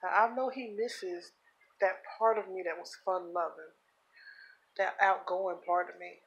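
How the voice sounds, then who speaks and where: A woman speaking in a personal confessional vlog, earnest and heartfelt, holding back tears, with halting repeats. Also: fairly low pitch, fairly even intonation, dull audio. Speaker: vlogger.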